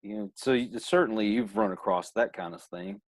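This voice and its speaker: Lowish-voiced guy hosting a podcast, halting, dry close sound. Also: dry recording. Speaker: podcast host. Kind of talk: casual interview talk.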